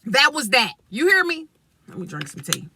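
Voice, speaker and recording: A woman's voice: on the high side, sing-song, moderate pace, sharp tone, slight background noise. Blunt profane woman telling a story. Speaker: vlogger. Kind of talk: storytime vlog.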